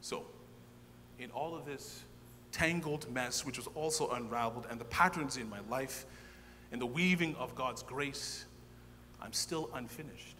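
An ordained minister with a medium-pitched, unhurried voice shares his personal testimony at a church gathering, telling it with lively energy and acting out the dialogue. The large hall gives a long reverb, with a faint hum underneath.

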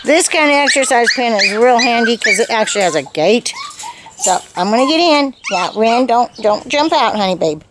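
A woman's voice: fairly high pitch, lively intonation, moderate pace. A middle-aged woman breeding puppies, chatting casually on a home video and cooing in baby talk to the litter. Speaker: puppy breeder. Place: indoors inside a puppy exercise pen. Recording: loud background noise with barking dogs.

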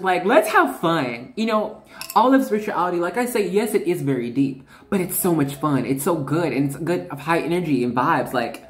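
Twenties female tarot reader, casual and playful, very animated pitch, roomy echo. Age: 20s. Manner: chatty, laughing, slangy. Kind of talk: casual tarot reading chat.

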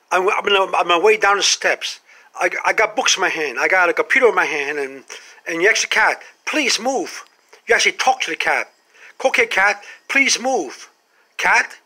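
A man vlogging a comic monologue to camera, animated and full of rhetorical questions. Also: high-pitched.

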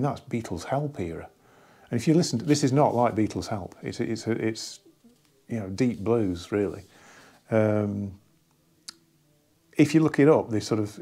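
A man casually talking through an album from his record collection, rambling and enthusiastic with many pauses and restarts. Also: fairly low pitch, dark tone, breathy edge. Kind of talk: casual hobby vlog.

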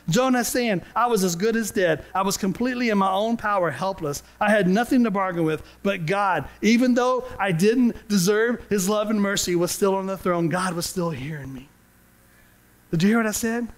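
High-voiced male pastor preaching earnestly. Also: low-quality recording. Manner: earnest preaching, rising to emphatic outbursts. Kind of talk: sermon. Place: church sanctuary.

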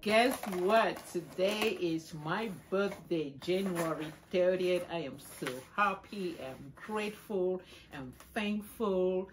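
A middle-aged woman chatting casually in a home vlog, exclaiming excitedly while she opens gifts. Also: fairly low pitch, slow pace, few pauses, music in the background. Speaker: vlogger.

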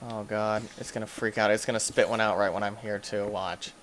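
A man hosting a gaming channel, giving let's play commentary as he plays, excitable and yelping and shouting in panic at the game's monsters. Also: on the low side, brisk, slight background noise.

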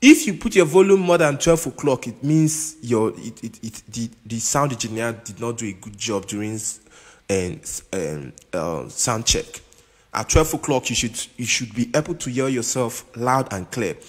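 A man teaching keyboard in a casual, halting way, often stopping to check that the listener understands. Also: mid-range voice, animated, breathy edge. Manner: keeps checking in with "you understand?"; halting, with restarts and repeated words. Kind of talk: casual instructional talk. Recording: long reverb with keyboard music behind.

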